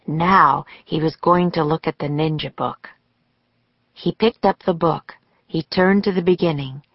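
A woman narrating a children's audiobook in a slow, deliberate storytelling manner, recorded on a close studio mic. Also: low voice, vocal fry, slightly rough, dry recording. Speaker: author and narrator. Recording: dry, slightly dull studio audio.

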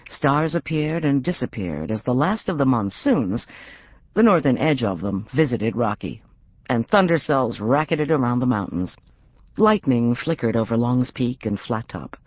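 A middle-aged woman narrating an audiobook in an expressive, wry reading. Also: extremely low pitch, dry recording, highs cut off. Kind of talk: scripted narration.

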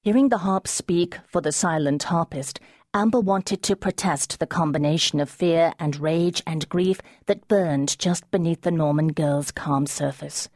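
A woman narrates an audiobook in a measured, expressive manner. Her voice sits low and calm. The recording is dry and close, with no room sound. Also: no room sound. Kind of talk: scripted narration.

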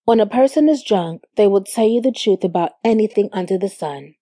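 A young adult woman reading a first-person story aloud with measured storytelling. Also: medium pitch, expressive, dark tone, dry recording, studio quality. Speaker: audiobook narrator. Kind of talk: first-person scripted narration. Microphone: studio microphone.

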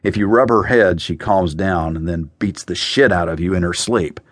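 A man's voice: low-pitched, moderate pace, no room sound, clean studio sound. A male narrator voicing a blunt, tough survivalist man in an audiobook. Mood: dry. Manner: blunt, matter-of-fact.

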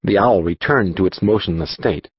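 A man narrating a children's audiobook in an expressive storytelling manner. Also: deep voice, normal speed, breathy edge, no room sound, highs cut off. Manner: expressive storytelling, voicing dialogue.

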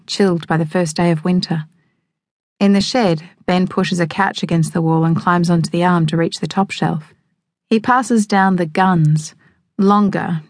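A woman narrating a novel in the first person, measured and evocative. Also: fairly low pitch, dry recording. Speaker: audiobook narrator. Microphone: close studio microphone. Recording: dry close studio sound.

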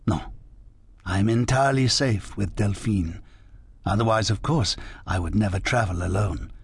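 A male narrator voicing a mysterious, wistful French woman, speaking slowly and in hushed tones. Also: lowish voice, husky, no echo. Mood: teasing. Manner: slow, hushed, musing speech. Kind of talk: audiobook character reading.

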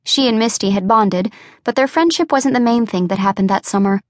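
A woman narrating an unabridged audiobook in a measured, even storytelling voice. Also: a little high, no echo, clean studio sound.

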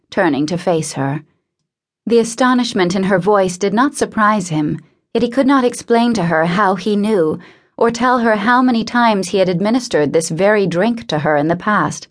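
A woman reading a novel aloud in a measured, intimate narration. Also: mid-range voice. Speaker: audiobook narrator. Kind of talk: scripted narration.

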